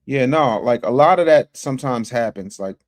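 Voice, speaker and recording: A man's voice: medium pitch, expressive, normal speed. A man hosting a casual livestream, talking to his chat in slang and reading out super chats from his office. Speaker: livestream host.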